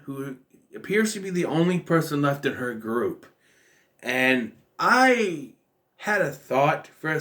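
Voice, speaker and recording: Male film vlogger, easygoing rambling recap, mid-pitched, talks loosely with fillers. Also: a bit bright. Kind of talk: casual spoken movie recap.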